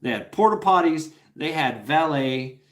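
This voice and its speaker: A man's voice: a little high, lively intonation, measured pace. Rambling, profane man telling stories. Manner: rambling, profane, frequent restarts and chuckles. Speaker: livestream host. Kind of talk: casual storytelling chat.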